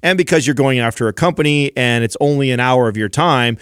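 A man co-hosting a podcast, pitching ideas and trading playful banter in casual chat. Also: brisk, fairly bright tone, clean tone, no echo, clean studio sound.

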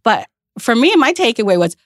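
A woman's voice: on the high side, fairly quick, dry recording, studio quality. A woman from Vietnam, a chef and restaurant owner, telling stories in a casual interview, acting out quotes and swearing freely. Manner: lively anecdotal, acts out quotes, casual swearing.

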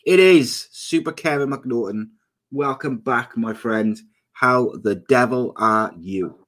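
A man hosting a podcast, running through a quick intro and then reading out viewer comments in casual chat. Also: medium pitch, fairly bright tone. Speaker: podcast host.

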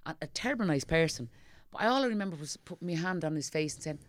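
A middle-aged woman with a Dublin accent talks quickly in a lowish voice, spinning stories and mimicking the people in them. The recording is close and dry, with no room sound. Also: no echo. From Ireland. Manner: animated storyteller, acting out what people said. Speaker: guest. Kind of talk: casual chat.

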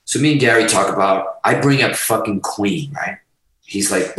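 A middle-aged man, a guest musician, telling a story in a casual, animated way, swearing constantly and restarting his sentences. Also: fairly low pitch, normal speed. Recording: roomy sound, distant from the mic.

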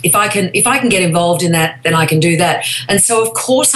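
Australian woman, chatty guest, animated storyteller, remote line. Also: lowish voice, a little fast, low-quality recording. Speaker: guest, comedian and voice actor. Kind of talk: casual interview chat. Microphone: phone or remote line.

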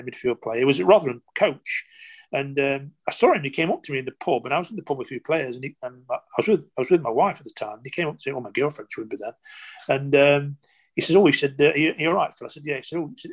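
An older man from England, a former footballer telling rambling stories in an interview, full of restarts and quoted dialogue. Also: mid-range voice. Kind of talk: interview storytelling.

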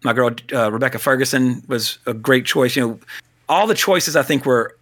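A man co-hosting a casual film talk, blunt and animated, swearing now and then. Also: mid-range voice, moderate pace. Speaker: podcast co-host.

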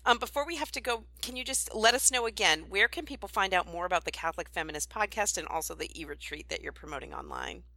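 A woman's voice: fairly low pitch, fast, creaky, few pauses, bright, forceful tone, no echo. A woman hosting a podcast, talking in a friendly, affirming, conversational way. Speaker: podcast host. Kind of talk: casual faith podcast chat.

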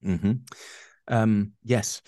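A man's voice: fairly low pitch, steady tone, very slow, warm tone, dry recording, studio quality. A man answering interview questions as a coach, emphatic and rambling, with many fillers and restarts. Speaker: guest coach.

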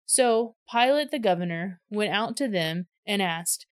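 A woman reading a scripture passage aloud, in plain, steady narration. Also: mid-range voice, measured pace. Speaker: scripture reader.

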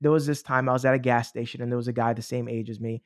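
A man who is a motivational speaker, telling a story as a podcast guest in an animated, enthusiastic way, acting out the dialogue. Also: mid-range voice, very fast, no room sound, clean studio sound. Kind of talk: casual storytelling.

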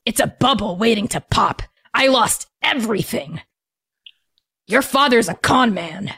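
A woman's voice: fairly high pitch, animated, unhurried, creaky, a bit bright, husky, no room sound, clean studio sound, exaggerated voice. Bitter gnoll, male, one-eyed, growly and scornful in a tabletop game, played by a woman.

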